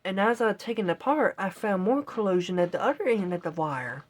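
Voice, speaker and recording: A woman's voice: mid-range voice, lively intonation, a little fast. A woman telling a long casual story, rambling and exasperated, quoting her own reactions. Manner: rambling, exasperated retelling with quoted self-talk. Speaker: vlogger. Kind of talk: casual storytelling while gaming.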